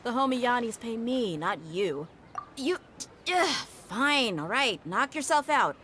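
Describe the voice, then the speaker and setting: Blunt young hired guard. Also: female voice, on the high side, sing-song, unhurried, pushed and bright, slight background noise, heavily acted. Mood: brusque. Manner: brusque, blunt. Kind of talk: video game dialogue.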